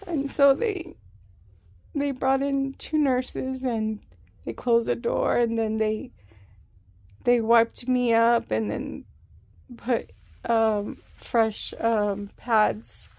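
A woman vlogging a health update to a nearby camera, telling her story in a slow, rambling way with many fillers and restarts. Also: fairly high pitch, little pitch movement, gravelly, darkish tone, no room sound.

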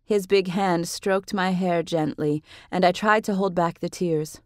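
A woman reads a novel aloud in the first person, measured and expressive. Her voice sits slightly low. The recording is close and dry, with no room sound. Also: no echo. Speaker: audiobook narrator. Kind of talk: scripted first-person narration.

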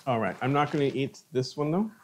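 Brief: middle-aged male cooking host, chatty, mid-pitched, tastes and comments on food on a live stream. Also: expressive, brisk, slight background noise. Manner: chatty, savoring food between remarks.

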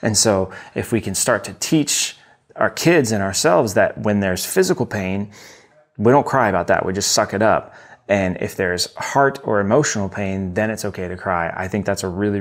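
Low-voiced man rambling through a book review. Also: moderate pace. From United States. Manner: enthusiastic, rambling, many fillers and restarts. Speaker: podcast host reviewing a book. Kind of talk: casual solo book review.

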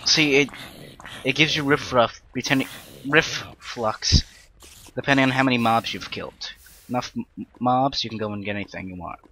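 Young male gamer, bright mid-pitched voice, rambling self-deprecating commentary with panicky bursts. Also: normal speed, a little hiss or hum. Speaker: Let's Play gamer. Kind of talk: casual gameplay commentary.

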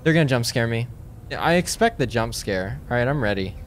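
A man playing a horror game and talking to his viewers. He reads the game text in a hushed voice, then breaks into sudden panicked yelps and nervous jokes. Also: mid-range voice, animated, fairly quick, a little hiss or hum. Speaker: gaming streamer.

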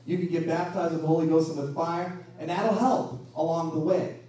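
A man preaching a sermon as pastor, animated and full of rhetorical questions, recorded from a distance in a church hall. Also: on the high side, normal speed. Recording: echoey room from a distance.

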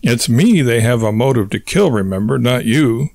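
A man reads out a theatrical, paranoid inventor with a pompous, stuffy British put-on, talking in a steady mid-range voice. He delivers each wild suspicion with mock gravity, and the sound is dry and close with no room around it. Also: mid-range voice, moderate pace, dry recording, close to an everyday voice. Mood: grandiose. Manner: pompous, conspiratorial, over-the-top. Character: paranoid eccentric male inventor, grandiose and theatrical.

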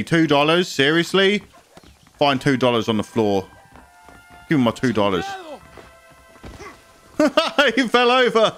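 Rowdy british guy yelling over a game, voice jumping all over, music behind. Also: fairly high pitch, measured pace, pauses often. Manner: excitable, rowdy, mock-outraged. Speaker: gaming youtuber. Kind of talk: let's play commentary.

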